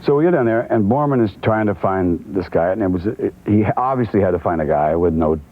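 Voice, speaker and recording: A man telling a lively anecdote as a talk show guest, often restarting and stumbling over his words. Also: low-pitched, fairly quick. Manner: lively storyteller with frequent restarts and stammers. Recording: tinny, band-limited old TV tape.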